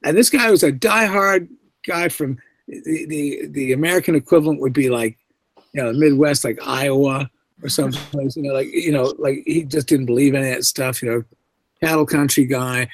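A man's voice: medium pitch, normal speed, slightly rough, no echo. A middle-aged man, a guest actor, telling anecdotes in an interview and acting out the voices he quotes. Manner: animated storyteller who acts out quoted voices.

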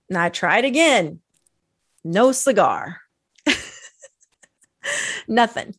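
A woman's voice: fairly high pitch, animated, drawn-out words, long pauses. A woman telling personal stories in a casual podcast chat, talking loosely with many fillers and laughing as she goes. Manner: chatty, storytelling with lots of fillers and laughs.

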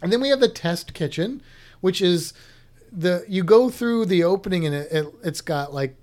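A woman's voice: on the low side, lively intonation, moderate pace, darkish tone. A woman co-hosting a casual chat, rambling and playful, trailing off mid-sentence. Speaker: podcast co-host.

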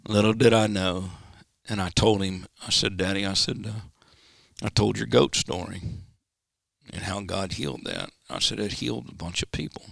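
A man, a pastor, telling a personal story in an interview and acting out the quoted dialogue with sudden pitch jumps. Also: moderate pace, gravelly, fairly bright tone, dry recording, studio quality. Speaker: pastor, guest. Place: church studio.

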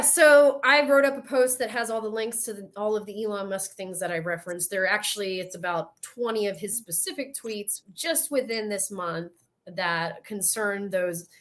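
A woman's voice: medium pitch, fairly bright tone. A woman with a Southern US accent, hosting a podcast in casual chat, telling stories animatedly and acting out quotes. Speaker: podcast host.

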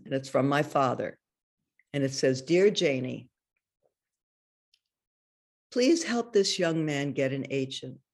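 Older lady swapping stories in an interview, gravelly fry in the voice, chatty, laughs a lot. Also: low-pitched. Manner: chatty, laughing often, many restarts. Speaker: interview guest. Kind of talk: casual anecdotal storytelling.

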